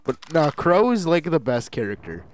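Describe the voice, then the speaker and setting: A man's voice: fairly high pitch, wildly swooping pitch, normal speed, a little hiss or hum. A young man chatting casually with friends while streaming a game, joking and swearing freely. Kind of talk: casual gaming chat with friends.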